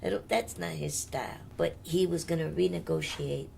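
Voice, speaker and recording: A woman's voice: deep voice, fairly even intonation, moderate pace, vocal fry, darkish tone, slight background noise. An older woman, a singer, telling her life story in a candid, chatty interview and laughing often.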